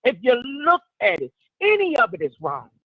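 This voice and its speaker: A woman calling in to a radio show, sharing her opinion in a measured, reflective way. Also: a little high, huge pitch swings, husky, dry recording. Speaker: caller. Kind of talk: call-in radio commentary. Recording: dull call-in phone line.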